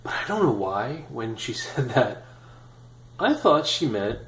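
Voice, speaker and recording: A man in his thirties telling a personal story in a casual, animated, self-deprecating way with many fillers. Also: medium pitch, a little slow, echoey room, a little hiss or hum, poor audio. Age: 30s. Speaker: vlogger.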